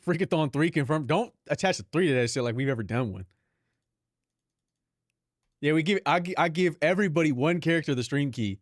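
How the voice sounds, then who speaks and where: A man's voice: on the high side, lively intonation, fairly quick, pauses often, no echo, studio quality. A young Filipino man, a live streamer, chatting casually and profanely with his viewers, laughing often. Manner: loose, profane, laughing banter with chat.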